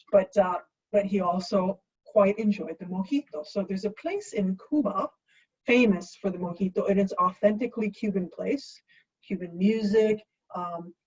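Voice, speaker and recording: A woman hosting a home cocktail show in a playful, chatty way, making jokey asides to herself and the viewers, with a husky voice. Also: medium pitch, darkish tone, recorded from a distance, dull audio.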